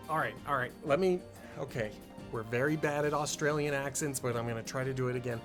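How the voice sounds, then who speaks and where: A man's voice: mid-range voice, quick pace, music in the background. A man streaming a game in casual, rambling, self-correcting commentary with a goofy tone. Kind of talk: casual let's-play commentary.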